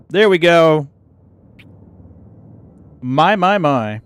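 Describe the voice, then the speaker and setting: A man's voice: mid-range voice, big pitch swings, slow pace, pauses often, dry recording. A middle-aged man hosting a livestream, chatting casually with viewers in a rambling, chatty way full of exclamations. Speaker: livestream host. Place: home computer setup.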